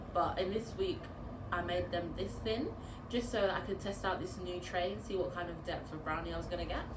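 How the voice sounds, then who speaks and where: A bubbly, chatty woman with a British accent, hosting a casual baking vlog Q&A. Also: lowish voice. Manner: bubbly, chatty, laughs often. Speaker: home baker and vlogger. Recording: roomy echo with background noise.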